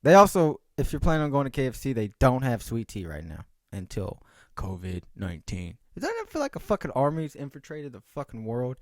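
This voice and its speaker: A man's voice: medium pitch, a little fast, no room sound, clean studio sound. A young man talking in a casual solo podcast monologue, rambling, swearing and joking. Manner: rambling, profane, animated, jokey. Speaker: podcast host.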